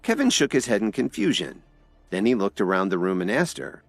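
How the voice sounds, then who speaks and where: A man narrating a scripted audio drama with expressive storytelling. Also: lowish voice, a little fast, gravelly, no echo, soft background music.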